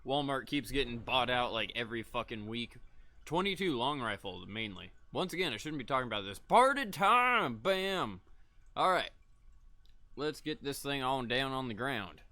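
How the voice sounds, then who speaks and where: A man's voice: mid-range voice, brisk, bright, forceful tone, no room sound. A young man casually rambling through live gameplay commentary, laid-back and often chuckling, with the odd cough. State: coughing between lines. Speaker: gaming streamer.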